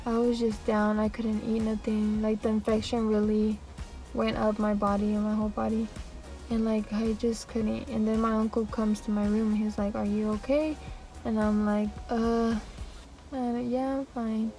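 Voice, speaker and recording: A young woman tells a storytime in a rambling, animated way, acting out what everyone said. Her voice sits a little high, with soft music under it. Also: moderate pace, rough recording. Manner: rambling and animated, with laughs and acted-out quotes. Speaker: vlogger. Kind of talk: casual storytime.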